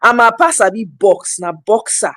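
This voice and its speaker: A woman with a Nigerian accent, telling stories in casual chat and acting out the quotes loudly. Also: medium pitch, moderate pace, dry recording. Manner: animated storyteller, acts out quotes loudly. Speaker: podcast host. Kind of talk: casual chat in Pidgin storytelling.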